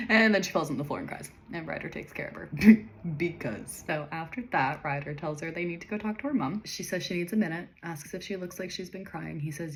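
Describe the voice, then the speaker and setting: A woman's voice: low-pitched, brisk, a little hiss or hum, low-quality recording. A young woman reading passages from her old novel and chatting about them, self-mocking and laughing often. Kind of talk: casual chat reading from a manuscript.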